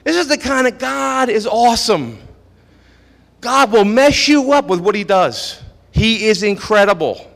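A man's voice: high voice, animated, unhurried, vocal fry, a bit bright. A man preaching a sermon at a church service, emphatic and repeating phrases for stress. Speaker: pastor. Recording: echoey hall with long reverb.

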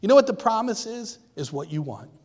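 A man's voice: high-pitched, big pitch swings, brisk, darkish tone. A man preaching a sermon, speaking emphatically and asking the congregation questions. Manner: emphatic, rising and falling, asks the congregation questions. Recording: long hall reverb.

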